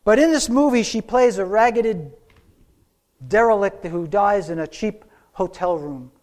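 A man preaching a sermon, telling a story with slow, dramatic pauses. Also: high voice, darkish tone.

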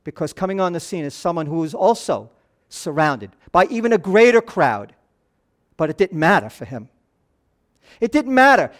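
Middle-aged guy preaching, high voice, goes quiet then lifts up animated. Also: moderate pace. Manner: swings from soft and hushed to raised and animated. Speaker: pastor. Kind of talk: sermon.

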